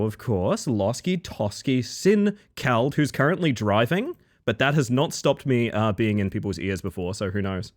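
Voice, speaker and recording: A male streamer chats casually with his live audience in a playful, joking way. His pitch jumps around a lot as he greets people one by one. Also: expressive, normal speed, hardly any pauses. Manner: playful, greets chat one by one, jokey asides.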